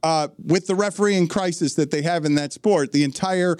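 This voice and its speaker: A man hosts a podcast in loose, chatty conversation. His voice sits a bit high and he rambles through anecdotes with frequent fillers. The studio sound is close and dry. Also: moderate pace, darkish tone, no echo. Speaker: podcast host. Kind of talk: casual studio chat.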